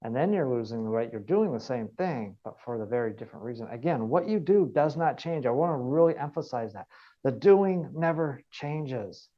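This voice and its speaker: A man's voice: mid-range voice, lively intonation, fast, hardly any pauses, dull audio. A man giving an online wellness training, earnest and repeating key points for emphasis. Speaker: wellness coach.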